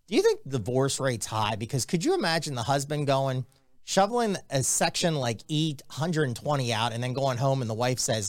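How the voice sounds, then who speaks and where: A man hosting a casual sports betting podcast, telling jokey stories in an animated way. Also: medium pitch, fairly quick, dry recording. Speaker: podcast host.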